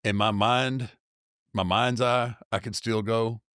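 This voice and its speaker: A man's voice: lowish voice, fairly even intonation, takes it slowly, fairly bright tone, smooth, dry recording, studio quality. A man hosting a podcast in a casual conversation, mostly giving short affirmations and turning reflective when he speaks at length. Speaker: podcast host.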